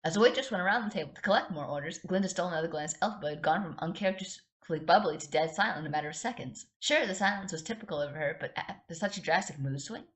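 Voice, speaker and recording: Lady podcaster reading fanfic out loud, kinda low voice, chatty side comments. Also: racing, hardly any pauses. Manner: chatty asides, giggles while reading. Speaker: podcast host. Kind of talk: casual reading of fan fiction aloud.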